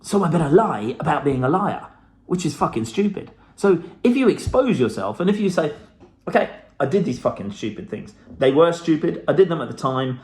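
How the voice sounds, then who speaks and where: A man's voice: on the high side, very animated, fairly quick, darkish tone. A middle-aged man giving a blunt, profane motivational talk to camera, with the odd laugh. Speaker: self-help vlogger.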